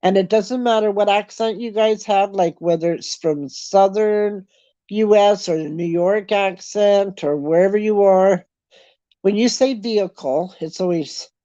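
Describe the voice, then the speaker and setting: A woman's voice: mid-range voice, dark tone, no room sound. Chatty Canadian woman, lo-fi sound. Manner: chatty storytelling, laughs often. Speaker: livestream host chatting with viewers. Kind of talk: casual chat.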